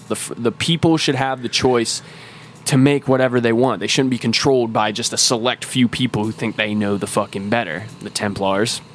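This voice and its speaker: A man's voice: mid-range voice, a bit bright, slight background noise. Profane, rambling man explaining game lore. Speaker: podcast co-host. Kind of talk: casual chat.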